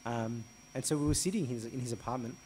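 Animated priest telling a story. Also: male voice, quick pace, a little hiss or hum. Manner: animated, re-enacts dialogue with rising pitch and volume. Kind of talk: storytelling interview answer.

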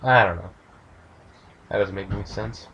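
A man's voice: on the low side, normal speed, lo-fi sound, background noise. A man giving casual, profane gameplay commentary as a let's play host.

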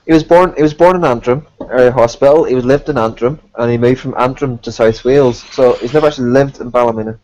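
A man's voice: medium pitch, quick pace, few pauses, a little mellow, lo-fi sound. A man co-hosting a casual live-streamed chat show, joking and teasing his guests. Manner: teasing, jokey banter. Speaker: co-host.

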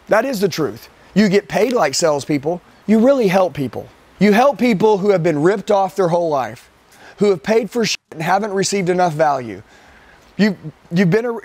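A man's voice: high-pitched, a little mellow, no room sound. A man coaching a room of sales trainees live. He talks intensely and emphatically, repeats his points, and often calls people "dude".

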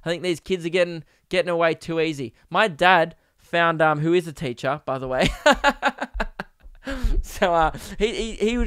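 A man's voice: a little high, smooth, dry recording, studio quality. A young man hosting a podcast, rambling through crude comedic stories with lots of ums and uhs. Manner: rambling, crude and deadpan with many fillers. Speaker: podcast host. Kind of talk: casual comedic monologue.

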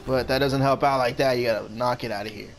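A man hosting a gaming channel, giving casual commentary on his own play and blurting out quick reactions and short shouts. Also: mid-range voice, fairly even intonation, creaky, soft background music. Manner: talks to his opponent and himself.

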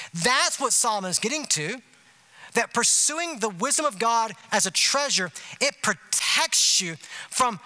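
A male pastor, preaching a conversational sermon full of rhetorical asides like "you see what I'm saying?". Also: extremely high pitch. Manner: animated, emphatic delivery. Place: church sanctuary.

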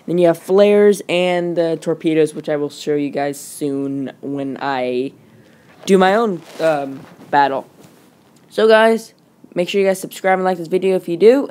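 A woman narrates her mobile gameplay in a casual, rambling way, filling gaps with "like" and "um". Her voice sits fairly low for a woman. She hurries along as she flips between screens. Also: a little mellow. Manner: rambling, casual, quick with fillers. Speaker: gaming channel host. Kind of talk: gameplay commentary.

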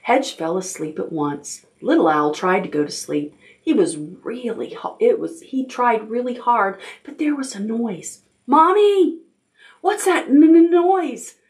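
A woman librarian reading a picture book aloud to toddlers in a gentle, expressive way. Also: medium pitch, a little slow. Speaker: children's librarian.

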